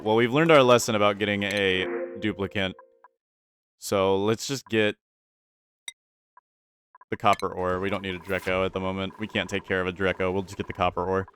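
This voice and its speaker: A gaming channel host with a fairly low voice narrates his own video game play over a slight hiss or hum. When things go wrong he turns frantic, rambling and repeating himself under pressure.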